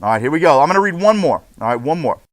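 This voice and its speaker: A man's voice: fairly high pitch, sing-song, rapid-fire, no echo. A man teaching a school class, playful and joking with his students in a classroom. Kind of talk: classroom instruction.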